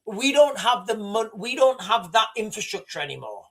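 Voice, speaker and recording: A high-sitting, slightly bright voice belongs to a British livestream host who is very animated and moves at a moderate pace. In a casual stream, he speaks to his viewers directly, hammering points emphatically and repeating himself, all in British English.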